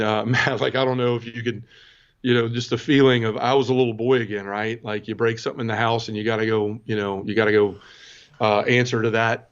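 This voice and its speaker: A man's voice: medium pitch, clear, resonant tone. A man in his forties, a podcast guest, telling a personal testimony in an earnest, conversational way and often turning to the host. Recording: dull lo-fi sound.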